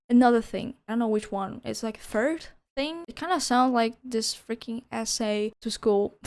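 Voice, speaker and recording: A woman's voice: a little high, slow pace, a little mellow. A young woman reviewing a video game in a casual, gushing way, swearing and laughing often.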